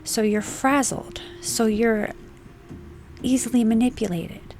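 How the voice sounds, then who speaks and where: A woman giving an emphatic, unscripted spiritual monologue, stressing points with swearing and slow, deliberate phrasing. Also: a little high, fairly even intonation, a little mellow, a little hiss or hum. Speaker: spiritual channel host.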